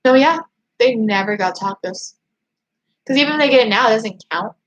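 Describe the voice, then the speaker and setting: A woman with a fairly high voice chats loosely on a home livestream, reading comments aloud as she goes. She rambles in an excitable way and keeps tripping into restarts. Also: normal speed, poor audio. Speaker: YouTube channel host. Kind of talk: casual livestream chat reading viewer comments.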